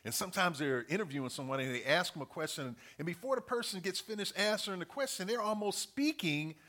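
A man's voice: sits high, lively intonation, quick pace, bright, forceful tone. Earnest man preaching a sermon. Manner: earnest, repeats key points, numbered list.

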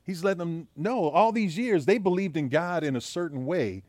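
A man's voice: on the high side, animated, moderate pace, a little mellow, no echo. A man preaching as a pastor, telling a joke story in a casual storytelling way before moving into the sermon. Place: church.

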